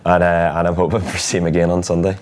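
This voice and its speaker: Man, hoarse, very deep voice, rambling football chat, casual co-host. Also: monotone, fast talker, background noise. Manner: rambling, laughing, restarts often. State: hoarse, losing his voice. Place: bar.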